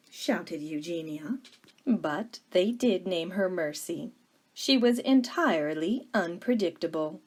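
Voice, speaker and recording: A woman teacher reading a picture book aloud to children, with gentle, expressive storytelling. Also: on the low side, slow pace, husky.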